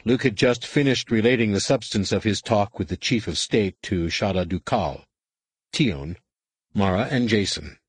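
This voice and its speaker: Male audiobook narrator, low, steady and even, dry close studio sound. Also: normal speed, breathy edge, no room sound. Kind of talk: scripted narration.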